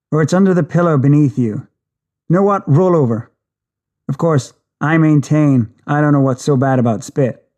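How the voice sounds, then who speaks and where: Man reading a novel aloud, kinda high voice, dry and chatty. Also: darkish tone. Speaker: audiobook narrator. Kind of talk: audiobook reading.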